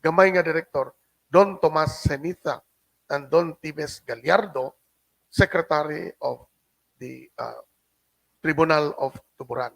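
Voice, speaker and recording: A middle-aged man with a Cebuano accent, giving a halting lecture as a guest speaker and often adding a questioning "no?". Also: on the high side, creaky, fairly bright tone, no echo, low-quality recording. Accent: Filipino, Cebuano. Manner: halting, with frequent restarts and tag "no?". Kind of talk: lecture reading a translated document. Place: hotel function room.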